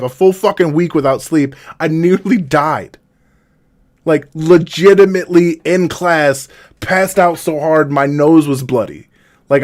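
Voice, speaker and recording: A man streaming a raw, confessional monologue, halting and rambling with heavy swearing, emotionally distressed. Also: on the high side.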